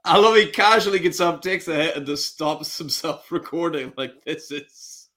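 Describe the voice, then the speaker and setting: A man's voice: a little high, moderate pace, pushed and bright. A man co-hosting a casual fantasy football chat show, laughing and reacting to clips.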